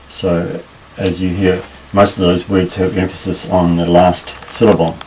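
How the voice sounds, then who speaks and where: Man, Hebrew teacher, very low voice, halting with fillers, slightly distant mic, faint background noise. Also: flat delivery, a little mellow. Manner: unhurried, halting, with frequent fillers and restarts. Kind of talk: recorded language lesson.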